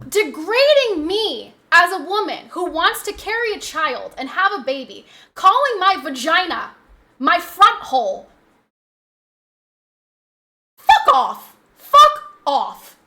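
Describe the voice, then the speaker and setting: A woman's voice: very high-pitched, sing-song, a little slow, pushed and bright. A young adult woman streamer in casual live-stream chat, ranting heatedly and swearing a lot.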